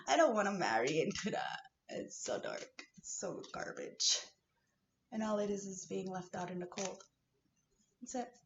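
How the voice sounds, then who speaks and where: A woman from Kahnawake speaks straight to her viewers in a raw, swearing spiritual rant. She jumps from loud outbursts to hushed, breathy asides. The sound is roomy and a little muffled, with a faint hiss underneath. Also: mid-range voice. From Kahnawake, Canada. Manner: fiery, swearing, swings between shouting and whispering. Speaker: vlogger. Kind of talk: emotional spiritual rant to camera. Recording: echoey dull-sounding room with faint hiss.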